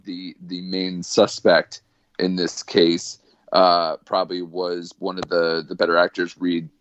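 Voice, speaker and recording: Male podcast guest, low voice, easygoing rambling delivery, slightly muffled dry recording. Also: monotone, unhurried, a bit bright. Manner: rambling with many fillers. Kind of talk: casual podcast chat.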